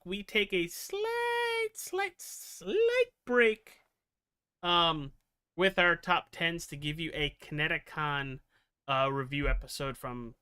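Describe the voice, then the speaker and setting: A man's voice: on the high side, bright, forceful tone, smooth, dry recording, clean studio sound. A man hosting a casual live podcast, rambling through announcements with many fillers. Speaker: podcast host.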